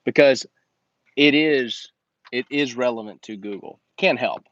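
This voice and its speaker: A man's voice: mid-range voice, a little slow, fairly bright tone, no echo, dull audio. A man hosting a casual livestream Q&A and coaching business owners in slangy, emphatic talk that repeats his points.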